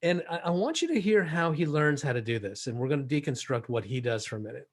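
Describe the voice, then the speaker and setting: A man's voice: on the high side, lively intonation, fast talker. A man presenting a live workshop, speaking emphatically and addressing the audience directly. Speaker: sales trainer.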